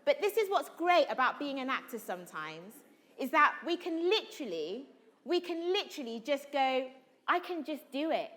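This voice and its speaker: A woman's voice: sits high, moderate pace. A woman actor leading a drama workshop, coaching students and calling out questions to a room full of people. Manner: animated, calls out to the room, asks questions. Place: large room with a live audience.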